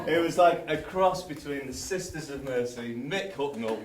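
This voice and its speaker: A groom giving a wedding speech, telling wry, animated anecdotes. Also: male voice, medium pitch. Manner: wry storytelling, slow and animated. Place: large hall with guests. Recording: roomy hall, distant mic, noisy.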